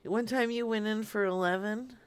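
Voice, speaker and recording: A woman in casual chat who talks in a giggly, slow way. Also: medium pitch, clear, resonant tone.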